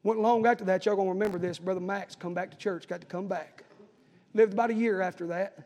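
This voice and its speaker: A pastor preaching a sermon, telling stories and building to urgent appeals. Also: male voice, sits high, fairly even intonation, quick pace, a little mellow, long reverb tail.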